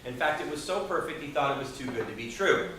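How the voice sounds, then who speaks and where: A man giving a motivational speech to a live audience in a meeting room, expressive and asking the audience questions. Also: a little high, fast talker, slight background noise. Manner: expressive, acts out quoted people, audience questions. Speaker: Toastmasters speaker. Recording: echoey room from far off.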